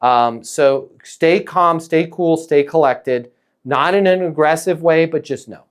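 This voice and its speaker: Energetic man coaching on sales. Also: fairly high pitch, measured pace, smooth. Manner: energetic, emphatic, acts out dialogue. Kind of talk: coaching a caller in a sales session.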